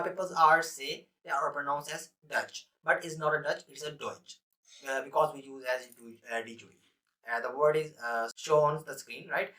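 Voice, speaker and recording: A man teaching a beginner language lesson online, speaking haltingly with many pauses and frequent "right?" check-ins. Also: fairly high pitch, sharp tone, far from the mic, rough recording.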